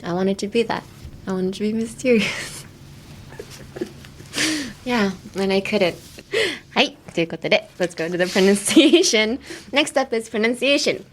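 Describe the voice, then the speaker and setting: A woman's voice: medium pitch, expressive, normal speed, long pauses, slight background noise. Brief: young female host, casual podcast teacher, laughs easily, loose and chatty. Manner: giggly, laughs often, chatty with fillers. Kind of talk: casual language lesson.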